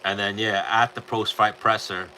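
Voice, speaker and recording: A male podcast host talks in a loose, casual way, swearing freely and rambling through his stories. His voice sits a little low but sounds bright and forward. There is a faint noise underneath. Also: fairly even intonation, moderate pace, poor audio. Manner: profane, blunt, rambling storytelling. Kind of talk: casual chat.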